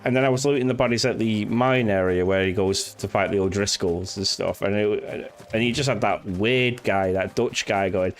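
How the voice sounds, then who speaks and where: A man's voice: lowish voice, steady tone, normal speed, hardly any pauses. A young man casually chatting and ranting while streaming a game, swearing and acting out what characters say. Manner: rambling, swearing, acting out game lines in silly voices. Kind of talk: casual gameplay commentary. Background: game music.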